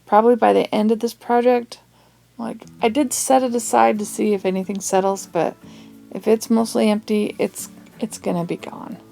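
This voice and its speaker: A woman's voice: a little high, steady tone, normal speed, gravelly, warm tone, soft background music. A woman hosting a casual craft tutorial, chatty and rambling, with asides and little laughs as she works.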